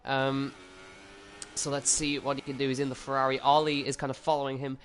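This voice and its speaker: Man, mid-pitched, sim race co-commentator, chatty, faint background hum. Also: flat delivery, a little fast, fairly bright tone. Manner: casual, chatty, filler-heavy. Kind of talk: live sim racing commentary.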